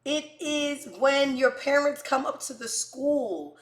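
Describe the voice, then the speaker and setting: Loud-mouthed new lady telling stories, cussing a lot, echoey room. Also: high-pitched, slow. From New York. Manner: brash, profane, jumps between quiet asides and loud bursts. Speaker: show host. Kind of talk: casual comedic storytelling.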